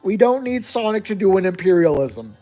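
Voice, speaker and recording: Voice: medium pitch, big pitch swings, brisk, warm tone, faint music behind. A player reading a choose-your-own-adventure gamebook aloud, narrating evenly and making wry asides.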